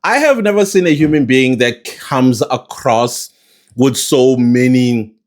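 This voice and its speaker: Animated South African male commentator. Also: unhurried. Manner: animated, laughs often, big pitch swings. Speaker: news commentator. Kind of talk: casual commentary to camera.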